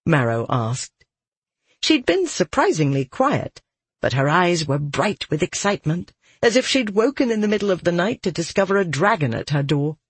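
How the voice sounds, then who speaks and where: A medium-pitched narrator with a breathy edge tells a fantasy adventure for an audiobook, measured and expressive throughout. The close, dry studio mic picks up no room sound.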